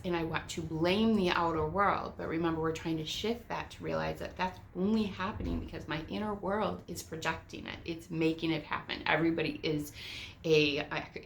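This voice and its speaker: A middle-aged woman gives a candid spiritual talk in a low voice with a gravelly, fry-laden edge. She tells her stories vividly, dropping to whispers and jumping to exclamations, and swears without a second thought. A faint hiss of noise sits beneath her voice. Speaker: spiritual teacher. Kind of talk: casual spiritual teaching monologue.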